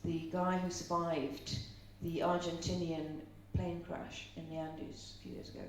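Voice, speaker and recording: At a live seminar, a middle-aged Irish woman with a slightly low, steady voice tells stories at a measured pace and puts questions to her audience in a chatty way. She's far from the mic in a very echoey room, and a faint hum runs underneath.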